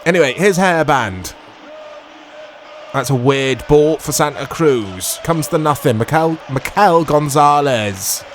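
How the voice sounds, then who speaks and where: Excitable man commentating gameplay. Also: fairly high pitch, takes it slowly, slight background noise. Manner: excitable, shouts at big moments, self-mocking. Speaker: gaming YouTuber.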